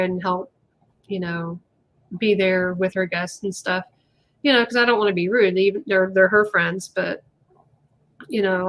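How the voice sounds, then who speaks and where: A woman hosts a relaxed live chat. She rambles freely and leans on lots of little fillers. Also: mid-range voice. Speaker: host. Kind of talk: casual chat on a live stream.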